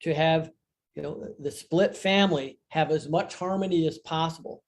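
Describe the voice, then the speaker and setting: Older male guest on a video call, slightly high voice, earnest reflective storyteller. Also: moderate pace. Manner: earnest, reflective, emphatic on key phrases. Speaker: guest, divorce author and coach. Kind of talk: conversational interview storytelling.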